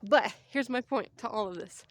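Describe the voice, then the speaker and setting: A woman's voice: on the high side, normal speed, no room sound. Breathless rambling woman walking outdoors. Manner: chatty, rambling, tangents. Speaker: vlogger. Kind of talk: casual walking vlog.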